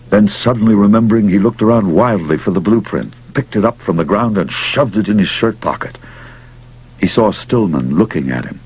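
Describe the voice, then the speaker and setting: A man narrating a story aloud in an expressive, dramatic reading. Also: low-pitched, moderate pace, breathy edge, rough recording. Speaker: audiobook narrator.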